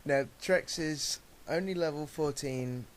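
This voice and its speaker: A man hosting a casual gaming Q&A while playing, friendly and quick to laugh. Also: fairly high pitch. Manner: friendly, laughs often, asks questions. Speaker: host of a gaming Q&A series. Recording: hissy home mic recording.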